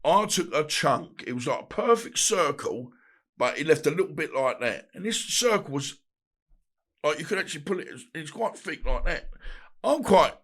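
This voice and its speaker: A man's voice: a little high, lively intonation, moderate pace, fairly bright tone. A middle-aged man, a podcast guest telling rambling stories, laughing and swearing freely. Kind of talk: casual storytelling. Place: podcast studio.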